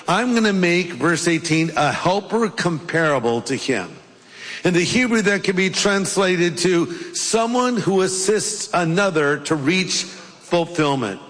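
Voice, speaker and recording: High-voiced preaching man in a reverberant hall. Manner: jokey, puts on playful accents. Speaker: pastor. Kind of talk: sermon.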